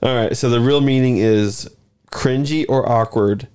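A man's voice: mid-range voice, measured pace, a little mellow, smooth. A man hosting a podcast, reading out slang definitions in casual chat.

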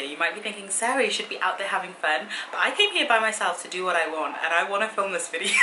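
A young woman chatting casually to camera in a Q and A, easily sidetracked and quick to laugh. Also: lowish voice, roomy sound, noisy background. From Britain. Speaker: fitness vlogger. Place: hotel room.

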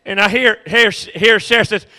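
A man's voice: high-pitched, steady tone, normal speed, pushed and bright. A male pastor preaching a sermon with impassioned repetition and humorous storytelling.

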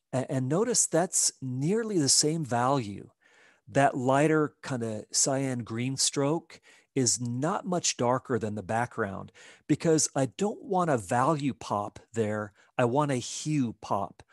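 A man teaching a live digital painting demo, explaining his steps in a relaxed way as he works. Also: mid-range voice, dry recording, studio quality. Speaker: art instructor.

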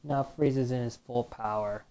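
A woman's voice: extremely low pitch, normal speed, mellow. A woman host giving chatty let's-play commentary, reacting to a fighting game and reading its text aloud. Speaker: gaming channel host.

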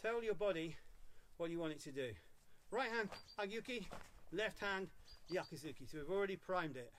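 A man teaching a live online karate class, calling counts and short commands between calm explanations. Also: sits high, moderate pace, slight background noise. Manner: barks counts loudly, coaching in short commands. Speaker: karate instructor.

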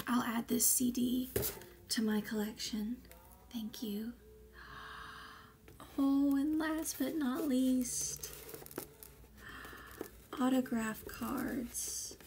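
Slow, gravelly-voiced woman gushing. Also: on the high side, darkish tone. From United States. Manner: gushing and effusive, with hesitant fillers. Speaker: vlogger. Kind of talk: casual unboxing chat.

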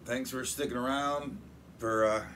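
A man's voice: medium pitch, steady tone, unhurried, fairly bright tone, slight background noise. A man hosting a casual snack review, talking in a jokey, upbeat way. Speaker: channel host.

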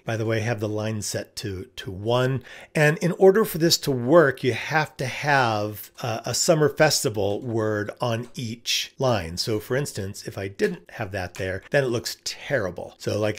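Casual man walking through a design tutorial. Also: medium pitch. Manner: casual, conversational, thinking aloud with fillers. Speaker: business coach teaching ebook design. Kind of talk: screen-share tutorial walkthrough.

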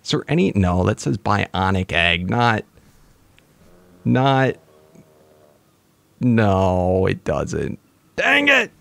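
A young man chatting casually to viewers while playing a video game, excitable and talkative. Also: on the low side, very slow, gravelly, long pauses, dry recording. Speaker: gaming YouTuber. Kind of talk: casual gameplay commentary.

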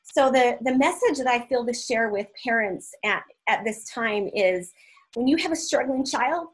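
A woman's voice: on the high side, expressive, normal speed, breathy edge, poor audio. A woman on a video call, speaking in an earnest, heartfelt way, teary and emotional. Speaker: panelist giving prayer. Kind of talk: prayer and panel talk on video call.

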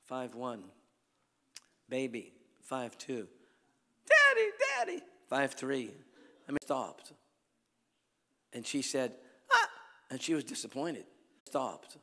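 A middle-aged male evangelist speaks slowly and pauses often during a revival sermon. His stories are animated, and he bursts into squeaky voices to quote the figures in them. Long reverb fills the large church hall.

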